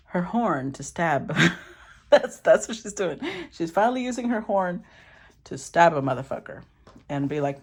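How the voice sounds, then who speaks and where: A woman giving a casual tarot reading, talking in an animated, blunt way and swearing casually. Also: on the low side, a little slow, breathy edge. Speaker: tarot reader.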